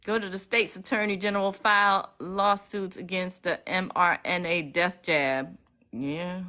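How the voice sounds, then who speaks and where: A woman from the US East Coast, talking casually to viewers on a phone live stream in an emphatic, repetitive, excitable way. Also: lowish voice, measured pace. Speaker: legal activist streaming live.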